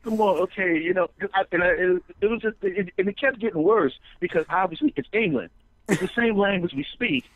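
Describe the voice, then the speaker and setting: A man's voice: high-pitched, fairly quick, fairly bright tone, no echo, low-quality recording. A man, a comedian guest, telling stories in an interview, rambling with restarts and acting out quotes. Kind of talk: storytelling interview chat.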